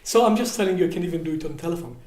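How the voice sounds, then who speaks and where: A man with a fairly high voice leads a seminar, telling stories from his own life. He acts out the dialogue, dropping low and then rising loud. The recording carries a roomy echo. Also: rapid-fire. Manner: animated, acts out dialogue with big swings in loudness. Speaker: workshop leader. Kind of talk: storytelling seminar talk. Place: seminar room at a retreat house.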